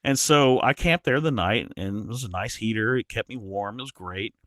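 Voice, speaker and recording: A man guest on a podcast, telling a travel story in an animated way, often restarting his sentences. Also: lowish voice, moderate pace, dry recording, clean studio sound. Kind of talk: casual storytelling.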